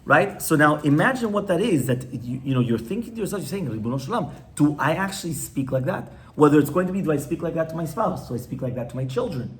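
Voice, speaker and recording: A man's voice: fairly high pitch, animated, fast, hardly any pauses. A man, a rabbi, teaching an informal class to a live audience in a conversational way, often stopping to ask his listeners questions.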